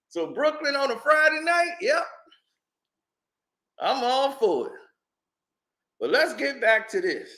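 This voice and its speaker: Man, high voice, casual storytelling host, animated, echoey room. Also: takes it slowly, pauses often. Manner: animated, acts out quotes, laughs often.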